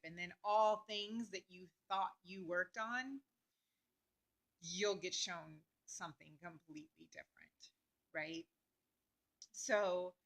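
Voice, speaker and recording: A woman vlogger talking earnestly and openly about her feelings, with many fillers and pauses. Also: lowish voice, a bit bright, low-quality recording. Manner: earnest, heartfelt, talks through emotion with many fillers. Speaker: astrology vlogger. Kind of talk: personal reflective talk to camera.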